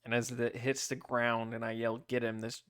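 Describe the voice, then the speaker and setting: A man's voice: mid-range voice, monotone, moderate pace, fairly bright tone, clear, resonant tone, dry recording, studio quality. A man playing in a tabletop game, eagerly describing what his character does. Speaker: player. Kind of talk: casual tabletop game chat.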